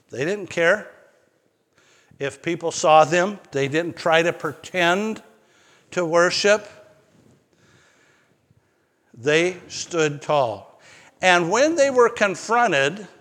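A man's voice: a little high, a bit bright, in a large hall. A male pastor preaching a sermon, mixing personal stories with emphatic, rising declarations.

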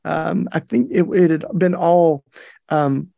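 A man's voice: a little high, fairly even intonation, slow pace, gravelly, warm tone, no room sound, dull audio. A middle-aged man hosting a podcast, telling a story in a chatty, folksy way with plenty of fillers. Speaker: podcast host. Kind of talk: casual storytelling monologue.

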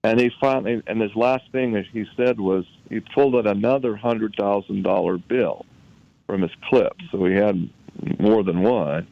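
A man from Utah, a guest recounting a personal story in conversation, halting and often repeating words as he recalls events. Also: on the low side, gravelly, no room sound, dull audio.

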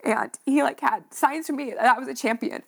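A woman's voice: high-pitched, a little fast, creaky. Heartfelt young woman telling a running story. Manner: heartfelt, frequent "like" and "you know" fillers. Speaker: podcast guest, runner. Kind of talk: emotional interview storytelling.

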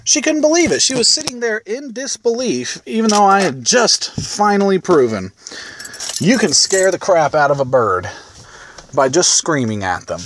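A man's voice: sits high, very animated, moderate pace, fairly bright tone, slight background noise. A man telling a rambling, self-amused anecdote casually, with restarts and chuckles. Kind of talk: casual storytelling.

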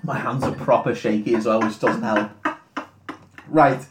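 A man co-hosting a drunken casual chat, retelling a film with lots of swearing and laughter and quick snippets of the characters' voices. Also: medium pitch, steady tone, echoey room, background noise. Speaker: podcast co-host retelling a film.

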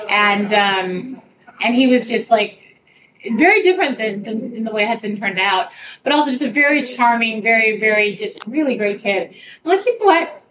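Middle-aged author lady, laughy storyteller, bit high, mic off at a distance with noise around. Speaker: author answering fan questions. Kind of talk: casual group interview. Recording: far from the mic with clear background noise.

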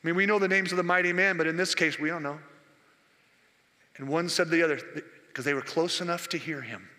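A man's voice: fairly high pitch, fairly even intonation, fast. A man in his sixties, a senior pastor preaching a sermon in a church, telling stories with impassioned, rising delivery. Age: 60s. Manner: impassioned, storytelling, rising to near-shouted peaks. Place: church sanctuary. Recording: long reverb of a church hall.

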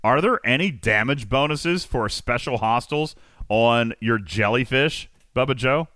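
A man's voice: medium pitch, unhurried, sharp tone, no echo, studio quality. A man hosting a casual gaming chat, teasing his co-hosts and rambling through tips. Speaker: podcast host.

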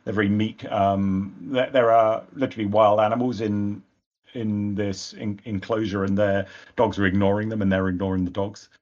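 A man's voice: lowish voice, little pitch movement, normal speed, darkish tone, muffled recording. A man narrating as game master of a tabletop game, rambling with frequent hesitations.

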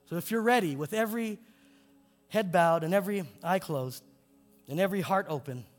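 A male pastor preaching in a church, his delivery swinging between soaring emphatic peaks and hushed low lines. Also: moderate pace. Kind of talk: sermon with altar call. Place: church sanctuary. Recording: long hall reverb with faint music.

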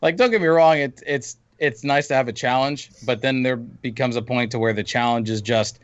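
A man's voice: medium pitch, normal speed, few pauses, no echo. Man venting in a lo-fi recording. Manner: venting, rambling with restarts. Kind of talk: casual gaming chat. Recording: dull lo-fi dry mic.

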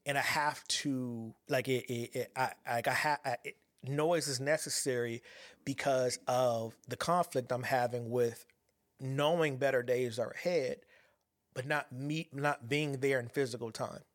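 A man tells a reflective personal story about anxiety and a dream, halting often and restarting with many fillers as he searches for words. His middle-pitched voice keeps a fairly even intonation. The sound is dry and close, with no room echo.

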